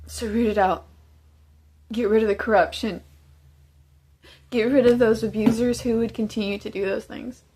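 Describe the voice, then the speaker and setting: A woman's voice: fairly high pitch, steady tone, moderate pace, long pauses, mellow, a little hiss or hum. A woman giving emotional testimony as a former inmate, urgent and pleading. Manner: urgent, pleading, tearful at times.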